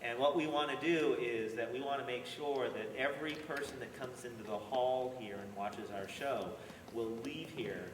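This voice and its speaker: A man's voice: medium pitch, moderate pace. Man directing a rehearsal in an echoey hall. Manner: earnest, coaching, lecturing. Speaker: theater director and teacher. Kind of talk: rehearsal instructions. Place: school theater hall. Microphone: distant camera mic. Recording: echoey hall, far off, noisy.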